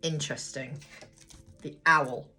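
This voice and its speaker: A woman's voice: low voice, fairly even intonation, slow, bright, forceful tone, faint music behind. A woman giving a casual tarot card reading, thinking aloud, talking straight to viewers and swearing freely. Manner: chatty, blunt, swears freely. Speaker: tarot reader.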